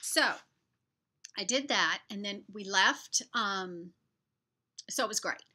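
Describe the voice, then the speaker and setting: A woman's voice: medium pitch, slow pace. A middle-aged woman from the southern United States chatting casually in a vlog, telling stories from her day with lots of fillers. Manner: chatty, animated storytelling with fillers. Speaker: vlogger.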